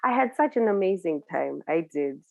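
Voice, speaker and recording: A woman DJ, a guest in a live interview, telling a story with animated energy. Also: on the low side, normal speed, creaky, no echo, poor audio. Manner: lively, acts out the voices of people she quotes.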